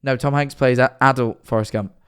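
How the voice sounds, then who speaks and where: A man's voice: medium pitch, steady tone, brisk, clear, resonant tone. A young man, chatting and joking with viewers during a live-stream reaction.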